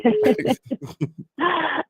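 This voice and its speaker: An Australian woman calls in to a show and chats casually, laughing often. Her high voice swings widely in pitch with drawn-out words, and the dry recording comes through a tinny phone line.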